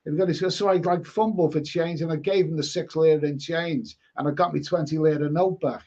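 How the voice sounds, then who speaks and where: A man's voice: a little high, steady tone, fairly quick, a little mellow. A man hosting a casual live stream, reading viewer comments and telling rambling stories with blunt, mildly sweary asides. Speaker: livestream host reading chat. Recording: dull lo-fi stream audio.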